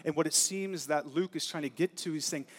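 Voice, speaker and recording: In a church sanctuary with long hall reverb and some background noise, a pastor preaches an earnest, conversational sermon sprinkled with casual asides. His voice is a little high and his pace a little fast.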